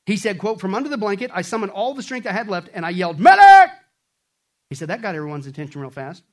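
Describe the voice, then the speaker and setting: High-voiced preacher guy, big swings from yelling to hushed. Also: rapid-fire. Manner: animated, swings from shouting to quiet. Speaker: pastor. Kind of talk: sermon.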